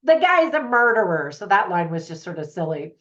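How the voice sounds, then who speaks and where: A woman's voice: on the low side, sing-song, brisk, a bit bright. Chatty woman reviewing movies, dull audio. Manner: chatty, opinionated, laughing asides. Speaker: movie reviewer, channel host. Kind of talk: casual to-camera review.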